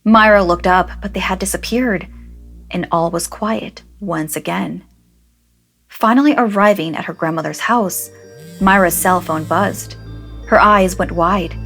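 A woman host narrating a scripted scary story in a hushed, dramatic manner. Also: on the low side, a little slow. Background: faint music.

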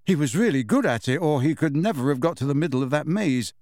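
A man's voice: fairly high pitch, lively intonation, fast talker, darkish tone, dry recording, lightly acted. Brief: a man reading as an awkward, earnest teenage boy in a storybook, light lift, dry close sound. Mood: weary. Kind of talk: audiobook character voice.

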